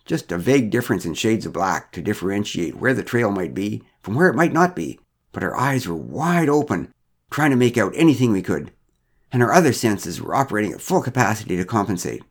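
A man telling a first-person story in a dry, understated, wry way. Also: lowish voice.

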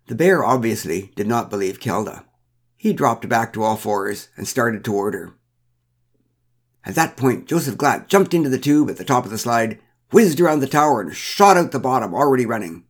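A man's voice: mid-range voice, lively intonation, normal speed. A man reading a first-person story aloud with a wry, dryly humorous manner. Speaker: narrator.

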